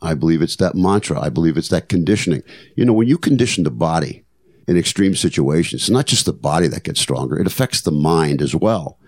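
This older man's voice is extremely low and darkish, with lively intonation and a fairly quick pace. As a podcast host, he tells reflective stories earnestly and motivationally, repeating phrases for emphasis.

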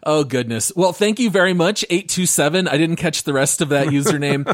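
A man hosts a gaming podcast in a friendly, laughing way, keeping the show moving. His voice sits a bit high for a man. The sound is dry and close to the mic. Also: brisk, no echo. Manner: laughing, upbeat, runs the housekeeping segments. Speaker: podcast host. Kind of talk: casual gaming podcast chat.

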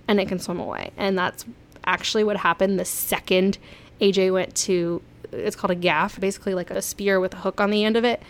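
A young woman from South Florida telling stories casually to her viewers, chatty and excitable, laughing often. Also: medium pitch. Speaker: vlogger. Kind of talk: casual storytelling.

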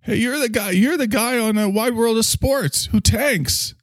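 A man's voice: measured pace, no room sound, studio quality. A man doing a jeering heckler. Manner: jeering, high-pitched taunting. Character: mocking male fan heckling a sports loser.

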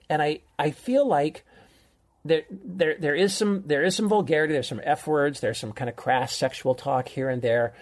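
A man's voice: a little high, normal speed. A middle-aged man co-hosting a podcast, chatting casually and enthusiastically as he recommends a show. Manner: enthusiastic, rambling storyteller. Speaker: podcast co-host, film recommender. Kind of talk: casual chat.

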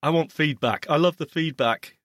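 A man co-hosting a tech podcast in casual chat, teasing and playful, quick to laugh. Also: fairly high pitch, a bit bright, no room sound, clean studio sound. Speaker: podcast co-host.

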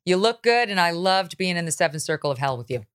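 A middle-aged woman hosting a talk show, blunt and animated, quick to laugh. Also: on the low side. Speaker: host.

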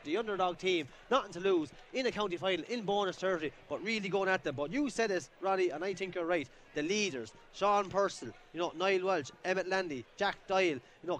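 A man's voice: sits high, a bit bright. An Irish man giving co-commentary analysis at a live hurling match outdoors, talking in a rambling way with lots of fillers and restarts. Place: outdoor sports ground.

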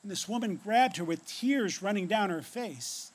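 A man preaching a sermon, telling a story with dramatic pauses and dropping to a hush on key phrases, then leading a prayer. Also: high-pitched, lively intonation. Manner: ends in prayer. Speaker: pastor.

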